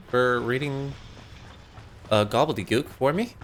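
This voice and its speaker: A man's voice: medium pitch, lively intonation, moderate pace. A young man casually commenting on a game he is playing, laid-back and rambling with fillers. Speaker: gaming streamer. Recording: voice over noisy game audio. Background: game sounds.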